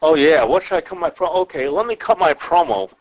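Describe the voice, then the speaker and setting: A man's voice: fairly high pitch, animated, a little fast, no room sound, voice pushed up, lightly acted, low-quality recording. A man mimicking a clueless, hesitant male indie wrestler. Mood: mocking.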